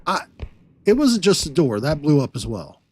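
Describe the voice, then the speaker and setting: A man's voice: a little high, very animated, normal speed, darkish tone, a little hiss or hum. A man streaming live gameplay, chatting and talking to himself as he plays. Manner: chatty, talks to himself while playing.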